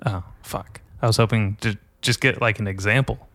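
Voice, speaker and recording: A man's voice: fairly low pitch, normal speed, fairly bright tone, dry recording. A man hosting a podcast, trading sarcastic, crude jokes in casual banter. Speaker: podcast host.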